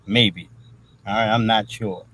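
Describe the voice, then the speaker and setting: This man's voice is lowish, fairly even, a little slow and sharp, on a rough recording with some hiss or hum. Hosting a livestream, he gives loose, profane, rambling commentary punctuated by "all right" nearly every time he shifts thoughts.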